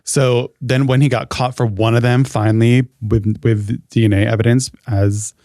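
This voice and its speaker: Podcast cohost guy, mid pitch, laid back recap full of likes and ums, dry mic. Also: level tone, moderate pace, darkish tone, dry recording. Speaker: co-host. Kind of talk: casual podcast chat.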